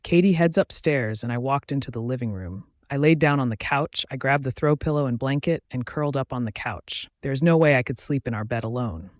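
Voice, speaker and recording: A man narrating a first-person romance audiobook in a steady, even reading on a close microphone. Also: medium pitch, fairly quick, hardly any pauses, dry recording.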